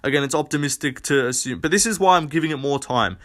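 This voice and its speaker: A young man who comments on MMA rants casually on his own channel, talking fast in a slightly high, somewhat bright voice. His predictions are blunt, profane, and rambling, full of fillers and restarts.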